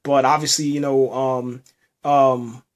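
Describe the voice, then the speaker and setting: A man's voice: medium pitch, little pitch movement, slow. A man hosting a podcast, recapping a TV episode in a rambling, emotional way, restarting often and ending phrases with "man". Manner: somber, emotional. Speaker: podcast host reviewing a TV episode. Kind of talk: casual spoken episode review.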